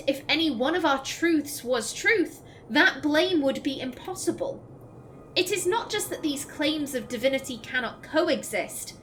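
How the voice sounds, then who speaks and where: A woman's voice: high-pitched, slight background noise, rough recording. Emotional woman reading game lore aloud. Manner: emotional, reads verse gently, then chats with quick laughing asides. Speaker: let's play host. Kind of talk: reading in-game texts aloud with casual commentary.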